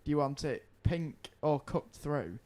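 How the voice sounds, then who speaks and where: Rambling lad telling a story. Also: male voice, fairly high pitch, animated, unhurried, darkish tone. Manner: rambling, swearing, laughing through his anecdotes. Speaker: podcast co-host. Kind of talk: casual chat, storytelling.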